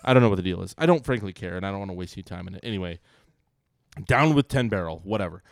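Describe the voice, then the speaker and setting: A man's voice: sits low, expressive, fast, creaky, dry recording, clean studio sound. A young man co-hosting a podcast, ribbing his friend and acting out the quotes in a story. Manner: teasing storyteller, acts out quotes. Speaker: podcast co-host. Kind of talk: casual banter.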